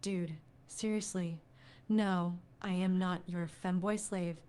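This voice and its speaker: Synthetic female AI voice, low for a woman, earnest and lecture-prone. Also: fairly even intonation, slow, warm tone, smooth. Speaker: AI chat companion. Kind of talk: conversational AI replies.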